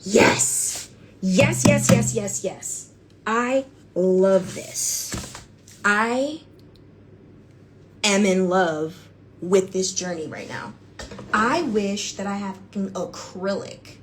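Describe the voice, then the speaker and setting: A woman chatting casually on a livestream while she paints, gushing, excitable and bursting into squeals, then dropping to whispers. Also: medium pitch, drawn-out words, long pauses, noisy background.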